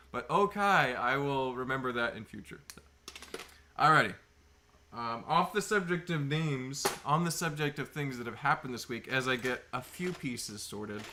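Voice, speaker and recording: A man's voice: medium pitch, bright, forceful tone, slight background noise. A man hosting a casual livestream, chatting with viewers and greeting them by name, with lots of fillers. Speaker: livestream host. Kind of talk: casual live chat with viewers. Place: indoors, at a table of sorting bins.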